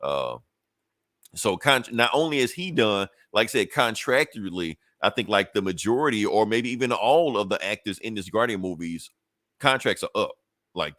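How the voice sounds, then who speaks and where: Animated, profane man podcast host. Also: no echo, studio quality. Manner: animated, profane, laughs often, jumps to high pitch when worked up. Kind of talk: casual chat.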